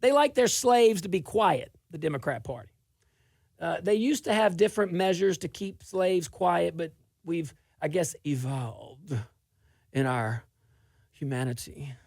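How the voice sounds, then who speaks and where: A middle-aged man from South Louisiana hosting a political talk show, delivering a sarcastic, animated monologue with frequent laughs. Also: fairly high pitch, measured pace, vocal fry, no room sound, studio quality.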